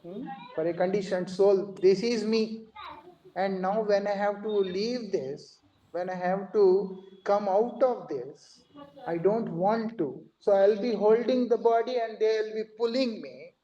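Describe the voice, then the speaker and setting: A monk giving an earnest devotional lecture, explaining verses phrase by phrase, on a dull lo-fi recording. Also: male voice, high voice, measured pace, dark tone.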